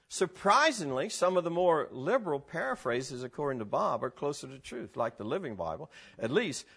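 Excitable man teaching with a lively high voice. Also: breathy edge. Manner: excitable, laughs often, exclaims. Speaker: Bible teacher. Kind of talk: animated teaching to a live group.

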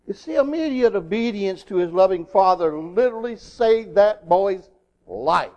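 A man with a very high speaking voice delivers a sermon. He is animated and acts out other voices as he goes. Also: normal speed. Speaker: preacher.

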